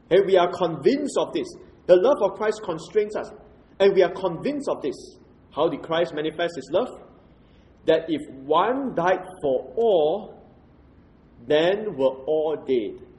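A man preaching an expository sermon in a measured, explanatory way, posing rhetorical questions to the congregation. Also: on the high side, darkish tone, rough recording.

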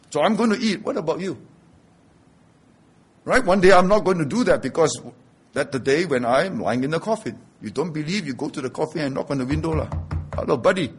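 Husky-voiced man preaching a sermon. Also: on the high side. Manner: conversational preaching, rising to emphatic declarations. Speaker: pastor.

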